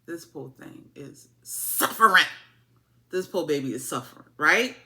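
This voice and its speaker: Woman, casual TV recap, animated, bright lively voice. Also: sits low, measured pace. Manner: animated, playful, acts out characters in quotes. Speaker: TV show reviewer.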